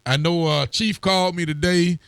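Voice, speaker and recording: A man's voice: sits high, fairly even intonation, normal speed, fairly bright tone, clean tone, no room sound, clean studio sound. A man, a sheriff hosting a local show and greeting viewers by name in a friendly, casual way. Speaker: county sheriff and show host. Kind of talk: casual chat reading out viewer comments.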